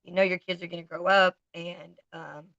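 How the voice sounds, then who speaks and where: Blunt Southern woman with gravelly voice. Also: on the low side, flat delivery, moderate pace, fairly bright tone, dry recording, dull audio. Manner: blunt and candid, talks straight to viewers. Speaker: livestream host. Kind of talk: casual livestream chat.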